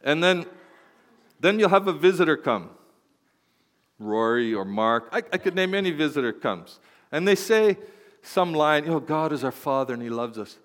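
A man preaching a sermon as pastor, playful and animated, swinging from quiet asides to loud exclamations. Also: a little high, normal speed, long pauses. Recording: long hall reverb.

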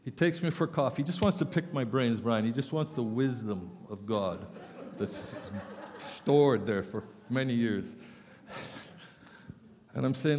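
A man's voice: medium pitch, unhurried, a little mellow. An older man preaching a sermon in an earnest, conversational way, with chatty asides. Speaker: pastor. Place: church hall. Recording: long reverb of a large hall.

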